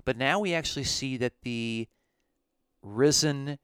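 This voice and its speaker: A man teaching on scripture in a podcast, slow and emphatic, reading Greek passages aloud. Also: mid-range voice, fairly bright tone, smooth, no echo, studio quality. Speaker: Bible teacher.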